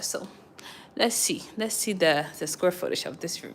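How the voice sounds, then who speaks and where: A woman's voice: mid-range voice, normal speed, slight background noise. Chatty, laughing young woman vlogger. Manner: chatty, laughs often, animated storytelling. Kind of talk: casual walkthrough vlog. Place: indoors, walking through an apartment.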